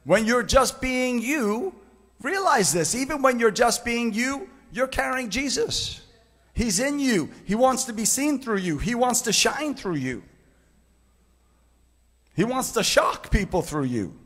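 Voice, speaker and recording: A man preaching a charismatic sermon in a church sanctuary, fervent and emphatic, telling stories and repeating key phrases. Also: a little high. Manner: fervent, storytelling, emphatic repetition. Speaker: guest preacher. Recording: reverberant church hall.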